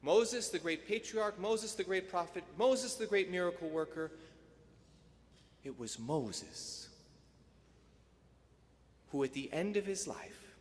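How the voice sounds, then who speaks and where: Priest preaching in a reverberant church. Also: male voice, high voice, takes it slowly, pauses often. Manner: rhetorical, building to emphatic peaks then dropping soft. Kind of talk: sermon.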